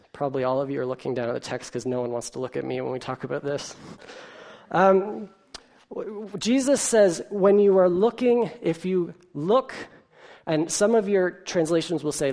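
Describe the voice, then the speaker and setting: A pastor preaching a sermon, telling stories vividly and asking the congregation rhetorical questions, with the odd "um.". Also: mid-range voice. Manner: animated storytelling with rhetorical questions and filler ums.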